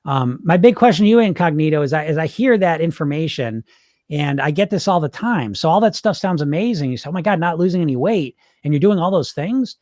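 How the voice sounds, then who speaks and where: A man's voice: fairly high pitch, expressive, brisk, darkish tone, no echo, studio quality. A man who works as a weight loss coach, talking casually and emphatically, answering viewer questions with many rhetorical questions. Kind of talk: casual live Q&A coaching talk.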